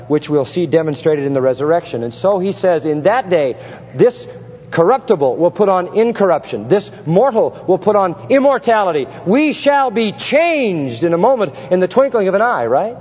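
Emphatic preacher in a reverberant hall. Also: male voice, high-pitched, lively intonation, normal speed, slightly rough. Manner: emphatic, rising to forceful peaks, rhetorical questions. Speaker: pastor. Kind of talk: expository sermon. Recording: dull lo-fi sound with long hall reverb.

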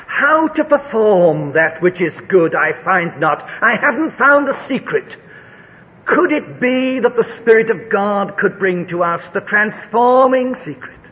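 Man, sermon, high bright voice, slow deliberate delivery, dull old recording with long hall echo. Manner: dramatic, rising to high shouts in a told story. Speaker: preacher.

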